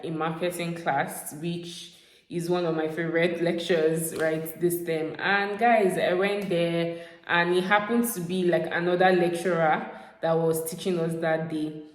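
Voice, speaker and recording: A young woman from Nigeria tells a story to her vlog audience in a loose, chatty way, with lots of fillers. Her voice sits fairly low. The room around her is echoey. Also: a little slow, slight background noise. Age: young adult. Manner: chatty, animated, repeats fillers like "like" and "guys". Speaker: vlogger.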